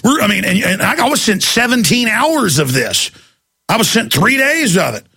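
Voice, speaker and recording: A man hosting a radio show, talking in a heated, mocking way and acting out quotes in shrill voices. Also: big pitch swings, normal speed, creaky, bright, forceful tone, husky. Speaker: radio host. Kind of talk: heated talk radio monologue.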